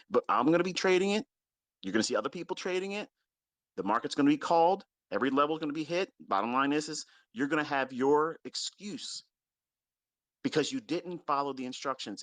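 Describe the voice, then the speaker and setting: A trading mentor, a man, rants at his followers with a bluntness full of curses, hammering each point twice. His voice sits a little high and leaps widely as he scolds. The sound is close and dry, with no room around it. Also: lively intonation, fairly quick, a bit bright, dry recording. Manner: blunt, scolding, heavily profane; stresses points by repeating them. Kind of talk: unscripted ranting lecture to followers.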